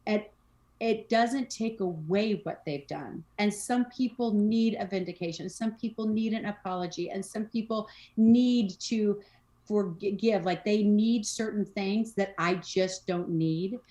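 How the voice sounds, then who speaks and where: A woman's voice: mid-range voice, a little slow, mellow. A woman talking as a podcast guest, casual and emphatic, often repeating phrases and acting out what people say. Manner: emphatic, repeats phrases, acts out quoted speech. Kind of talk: casual conversation on mental health and spirituality.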